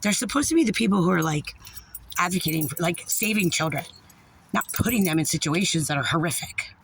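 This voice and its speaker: An angry woman rants straight to camera, swearing freely. Her voice is raspy and gravelly, with a bright, sharp edge. A faint hiss of noise sits under the recording. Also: lowish voice, lively intonation. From New Jersey. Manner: angry, profane, fast when passionate. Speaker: parent venting about a social services agency. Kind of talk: profane ranting vlog.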